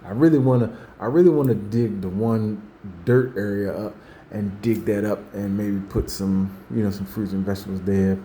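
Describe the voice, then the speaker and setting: Speaking at a moderate pace in a steady, mellow voice on the low side, the host discusses faith and everyday life in a loose, casual way. Slight background noise sits under his rambling, his repetitions and restarts, and the quotes he acts out.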